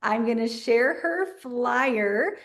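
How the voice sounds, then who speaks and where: A woman co-hosting a video call, briskly narrating as she shares a flyer and brings a guest on. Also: on the high side, expressive. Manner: brisk, practical, narrating screen actions. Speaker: co-host.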